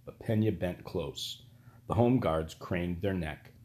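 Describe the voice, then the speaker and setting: Male audiobook narrator, low voice, steady and even delivery. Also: slow.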